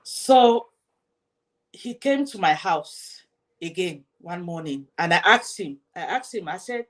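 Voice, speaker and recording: A woman's voice: lowish voice, expressive, unhurried, fairly bright tone. A woman hosting her own show, telling a personal story to her viewers in an emotional way, often repeating herself and speaking straight to her audience. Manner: emotional, repetitive, addresses the audience directly. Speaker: host.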